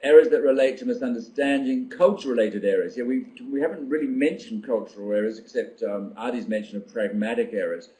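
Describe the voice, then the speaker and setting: An older man leading a teacher-training webinar, reading out participants' comments and reflecting on them in an unhurried, thoughtful way with frequent ums. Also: medium pitch, mellow, poor audio.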